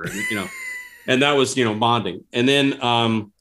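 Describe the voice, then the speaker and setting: A man telling stories in a casual interview, animated and laughing as he goes. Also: mid-range voice, quick pace. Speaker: guest. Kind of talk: casual storytelling.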